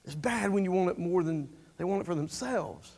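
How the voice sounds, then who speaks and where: A man's voice: high-pitched, animated, a little fast, gravelly, a little mellow. A man preaching a sermon in a church, speaking earnestly and conversationally, often repeating words as he goes. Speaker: pastor.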